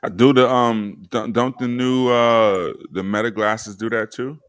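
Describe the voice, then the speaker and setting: A man's voice: medium pitch, steady tone, unhurried, clear, resonant tone, no echo, studio quality. A man hosting a casual podcast chat, laid-back and slangy, joking as he talks. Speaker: podcast host. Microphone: remote stream mic.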